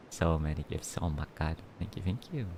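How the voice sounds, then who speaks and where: Giggling frequently and greeting donors with playful rawrs, this streamer rambles through casual chat, restarting often. He has a bass voice with lively intonation and a moderate pace, and there's noise in the background.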